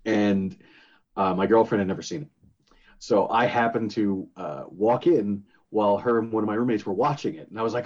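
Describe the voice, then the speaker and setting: A man's voice: fairly low pitch, a little fast, darkish tone, husky, muffled recording. A man co-hosting a podcast, rambling through casual chat with a lot of hesitation and fillers. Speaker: co-host.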